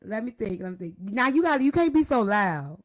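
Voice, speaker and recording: Woman host, casual and profane, nervous laughs, very lively pitch. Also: brisk. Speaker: podcast host. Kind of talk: casual chat.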